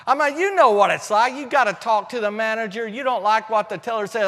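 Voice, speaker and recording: A man preaches with fervor, his high voice ringing and bright. He rises to shouts and drops to near hushes, slipping in folksy jokes. A long reverb trails behind him. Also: fast talker, few pauses. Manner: passionate, swings from shouting to hushed; folksy, humorous asides. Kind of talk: sermon.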